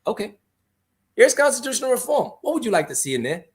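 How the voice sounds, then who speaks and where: A man's voice: very high-pitched, big pitch swings, quick pace. A man from Grenada, speaking as a guest on a radio talk show in an impassioned, argumentative way.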